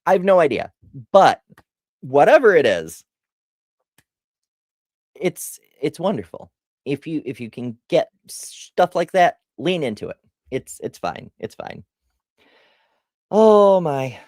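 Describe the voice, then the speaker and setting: A woman's voice: low-pitched, sing-song, takes it slowly, pauses often, a little mellow, no room sound, studio quality. Chatty, rambling middle-aged woman. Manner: rambling and tangential, self-deprecating; chatty with frequent laughs and restarts. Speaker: streamer answering viewer questions. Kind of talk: casual livestream Q&A.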